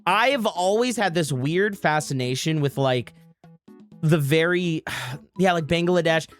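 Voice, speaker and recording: A woman's voice: deep voice, measured pace, soft background music. A woman streamer chatting casually with her viewers, rambling and correcting herself. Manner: rambling, self-interrupting, swearing.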